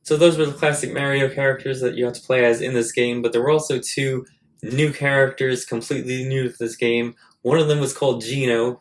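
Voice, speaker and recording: A male host delivers a comedic monologue in a middle-pitched voice, full of crude, self-mocking jokes. He swings between loud, punchy bursts and quiet, muttered asides.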